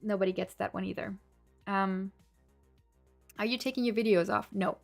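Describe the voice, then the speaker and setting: A woman's voice: medium pitch, fairly even intonation, normal speed, vocal fry, faint music behind. Chatty woman streamer reading comments. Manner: chatty, laughs often, switches between English and German. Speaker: language-learning streamer. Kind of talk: casual livestream chat reading comments.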